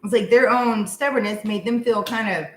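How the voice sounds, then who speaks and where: A woman's voice: fairly high pitch, normal speed. A middle-aged woman giving a casual live tarot reading, chatty and blunt, laughing often and cursing freely. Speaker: tarot reader. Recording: echoey room with faint hum.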